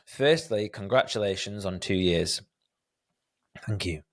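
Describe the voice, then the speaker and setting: Man, 30s, podcast host, slow unhurried delivery, reflective and hesitant. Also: on the low side. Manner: reflective, hesitant, many fillers and restarts. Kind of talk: solo Q&A podcast.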